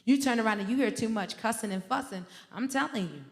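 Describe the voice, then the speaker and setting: A woman's voice: fairly high pitch, fast. A woman minister preaching a sermon in a fervent, conversational way, breaking into personal stories and addressing the congregation directly. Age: adult with a teenage son. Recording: long hall reverb.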